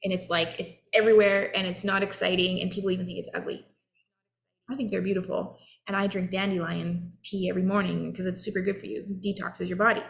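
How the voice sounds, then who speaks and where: Earnest woman with a gravelly edge. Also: on the low side, little pitch movement, fast talker. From Canada. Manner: earnest, encouraging, acts out short quoted voices. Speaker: self-help coach. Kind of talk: motivational talk.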